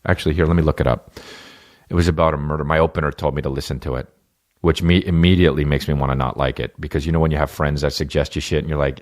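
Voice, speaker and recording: A man's voice: extremely low pitch, fairly even intonation, very fast. A man hosting a comedy podcast, talking in a profane, rambling and jokey way. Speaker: podcast host.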